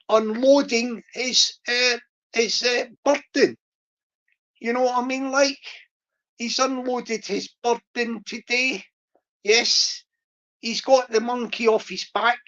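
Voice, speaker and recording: A woman's voice: a little high, a bit bright. Rambling woman livestream host, lo-fi. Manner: rambling, many fillers and restarts. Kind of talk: casual livestream chat.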